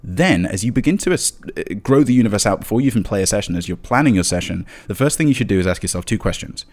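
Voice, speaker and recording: A man with a fairly low voice, chatting as a guest on a podcast about running tabletop games. He talks in a loose, rambling way and breaks into laughter often. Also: expressive, quick pace. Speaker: guest, dungeon master of a tabletop actual-play show. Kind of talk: casual podcast interview chat.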